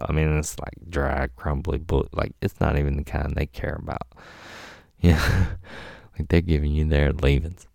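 A man tells a rambling, profane story in a casual way and acts out the people in it. His voice is very low and gravelly, with a dark, mellow tone. The recording is close and dry. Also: fairly even intonation, measured pace, dry recording.

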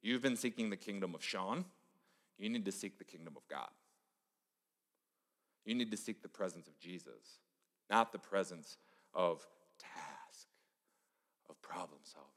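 A man's voice: low-pitched, normal speed, pauses often. Male pastor, middle-aged, storytelling sermon style, long hall reverb. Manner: conversational, storytelling, drops to a hush for emphasis. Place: church sanctuary. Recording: echoey church hall.

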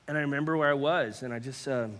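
A male pastor of medium pitch delivers an earnest personal testimony sermon in a space with long hall reverb. He halts and repeats words, at times sinking into hushed tones.

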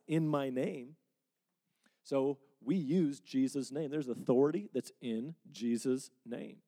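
A man's voice: medium pitch, warm tone. A man preaching and answering questions in a conversational, earnest way, sometimes acting out quotes. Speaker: pastor. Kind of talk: sermon Q&A.

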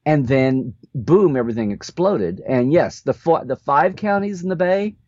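Animated storytelling man, lively pitch. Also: normal speed, dry recording. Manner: animated storyteller who acts out the people in his stories. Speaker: podcast co-host. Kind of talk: casual storytelling chat. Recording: dull dry lo-fi sound.

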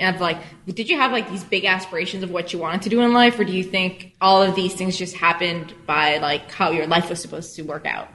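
A woman's voice: lowish voice, brisk, hardly any pauses, a bit bright. A woman hosting a podcast who asks long, rambling interview questions padded with "like". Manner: rambling, uses "like" a lot. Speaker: podcast host.

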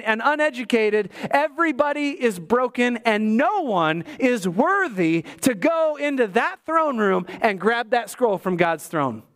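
A man with a notably high voice preaches in a church. His delivery swings between emphatic peaks and quiet low drops. He throws in wry jokes to the congregation. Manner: lively preaching, rising to emphatic highs and dropping low; joking asides to the congregation. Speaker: pastor. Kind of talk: sermon.

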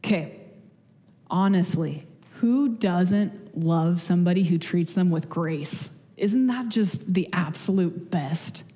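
Young woman preacher, chatty and self-deprecating, mellow low tone, echoing church hall. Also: slow. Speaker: speaker giving a church message. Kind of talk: casual conversational sermon. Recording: long hall reverb.

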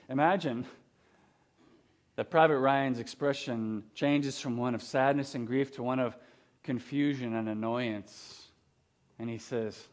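A man preaches a sermon with a conversational touch. He often turns to the congregation with questions, and his voice sits at a middle pitch. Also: steady tone, a little slow. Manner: conversational, asks rhetorical questions. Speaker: pastor.

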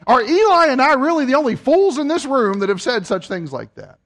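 A man delivers a sermon to his congregation in a high voice that leaps all over its range. He teases and jokes with the listeners between points, then swells each point to an emphatic close. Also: brisk. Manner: animated, joking with the congregation, rising to emphatic peaks. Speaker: preacher.

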